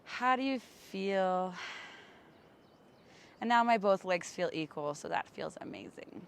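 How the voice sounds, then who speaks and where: A woman yoga teacher giving slow, gentle, soothing cues for poses and breathwork, recorded outdoors on a camera mic. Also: medium pitch, animated, creaky, a little hiss or hum. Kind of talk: guided yoga and breathwork instruction. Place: outdoors in bright sun.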